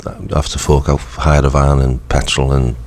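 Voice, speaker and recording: A man with a croaky voice, hosting a radio show and chatting casually, rambling with lots of ums and restarts. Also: rumbling low, flat delivery, moderate pace, darkish tone. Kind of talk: casual chat.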